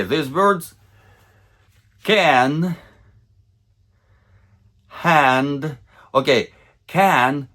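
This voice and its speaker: A man with a Russian accent teaching English pronunciation in a video lesson. He talks slowly and deliberately and repeats words to model their sounds. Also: medium pitch.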